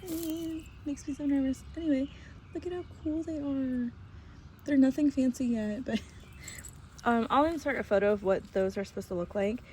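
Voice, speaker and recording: A woman chatting casually while she walks through her backyard garden and chicken coop. She rambles, laughs often, and coos softly to her hen. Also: sits high, normal speed, slight background noise. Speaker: vlogger giving a garden tour. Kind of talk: casual chat.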